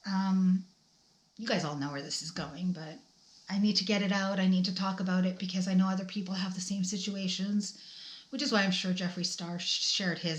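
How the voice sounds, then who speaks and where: A middle-aged woman vlogging about her family's loss, talking in a halting, emotional way with many restarts. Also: mid-range voice, fairly even intonation, reverberant. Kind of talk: tearful personal vlog talk.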